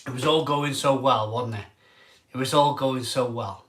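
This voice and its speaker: A man in an emotional vlog monologue as a craft beer reviewer. He sounds tearful and halting, and often trails off mid-sentence. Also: mid-range voice, steady tone, fairly bright tone.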